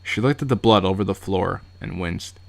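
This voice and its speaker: A man's voice: low-pitched, moderate pace, creaky. A man streaming a game, reading its narration aloud and breaking off for joking asides. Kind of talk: casual live-stream read-through.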